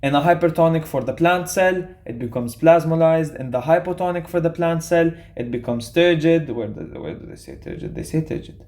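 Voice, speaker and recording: A man's voice: fairly high pitch, lively intonation, brisk, hardly any pauses, a little mellow. A young man, tutoring biology in a casual, chatty way and often checking in with "okay?". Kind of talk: explaining a quiz to students.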